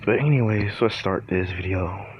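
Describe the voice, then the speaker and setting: A man's voice: fairly low pitch, moderate pace, slight background noise. A young man hosting a casual vlog from a garage, swearing, sighing often and struggling through a bout of hiccups. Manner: sighs often, swears, frustrated and rambling. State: has the hiccups. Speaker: channel host. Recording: dull lo-fi sound with faint ambience.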